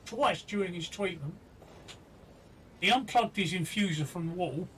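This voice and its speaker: This live-stream host talks casually but with earnest indignation, circling back to the same points again and again. His pitch sits high, his delivery is unhurried, and his tone is a bit bright. The mic is distant, picking up faint noise.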